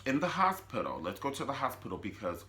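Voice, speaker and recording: A man hosting a comedic TV recap, telling the story in an animated, sassy way. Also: medium pitch, fast talker. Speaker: YouTube show recap host.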